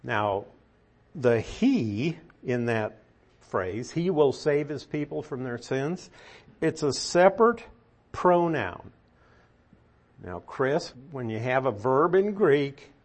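Middle-aged male Bible teacher, husky, slow and deliberate, emphatic, quizzes the class. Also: mid-range voice. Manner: unhurried, emphatic, asks the class questions. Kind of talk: Bible study lesson.

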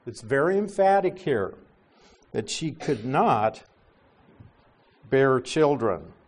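A middle-aged male pastor teaching a sermon, explaining scripture with gentle asides. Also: mid-range voice, very animated, slow pace.

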